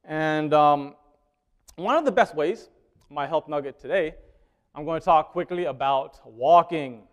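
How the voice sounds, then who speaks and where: A man preaching a sermon in a conversational way, often asking the congregation questions and swinging between loud emphasis and quiet asides. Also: on the high side, measured pace.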